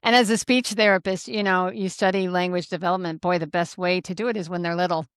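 A woman's voice: fairly low pitch, fairly even intonation, fast talker, smooth, dry recording, studio quality. Enthusiastic woman speech therapist host. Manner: warm, enthusiastic, affirming. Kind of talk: casual interview chat.

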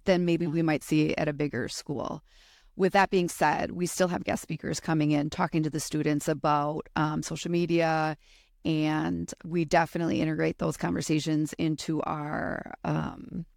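A woman's voice: deep voice, fairly even intonation, unhurried, gravelly, no echo, studio quality. A woman who works with school students, talking earnestly in an interview with frequent fillers. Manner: earnest and thoughtful, with many fillers. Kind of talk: casual interview chat.

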